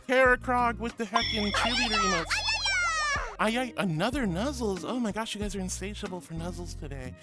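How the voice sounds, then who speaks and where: A woman's voice: mid-range voice, brisk. A woman streamer in casual live chat, sweetly gushing as she reads out chat messages and greets viewers. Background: music.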